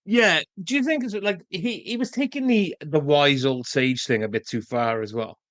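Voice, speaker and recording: A man's voice: a little high, moderate pace, fairly bright tone, no room sound. A man co-hosting a casual film podcast, speaking in an easygoing, meandering way with frequent chuckles. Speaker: podcast co-host.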